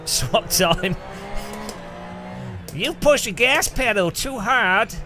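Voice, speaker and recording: A man's voice: sits high, expressive, very slow. An Englishman streaming a racing game in casual, sarcastic chat with frequent laughs, with music playing behind. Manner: chatty, sarcastic, laughs often. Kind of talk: casual gaming commentary.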